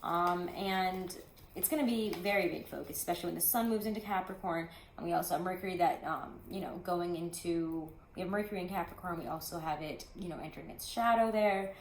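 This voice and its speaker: Chatty low-voiced woman reading tarot. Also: fairly quick, echoey room, slight background noise. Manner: chatty, rambling, many "like"s and asides. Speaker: tarot reader. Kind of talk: casual tarot reading to camera.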